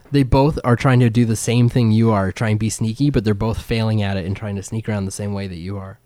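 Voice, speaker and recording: A man's voice: on the low side, steady tone, fairly quick, dark tone, no room sound. A man narrating as game master of a tabletop game, laid-back and chuckling, with lots of fillers.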